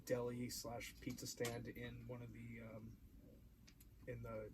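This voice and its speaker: Halting man chatting, noisy room. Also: medium pitch, monotone. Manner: halting, many ums and restarts. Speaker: podcast guest. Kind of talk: casual chat. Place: basement podcast studio. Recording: noisy home recording.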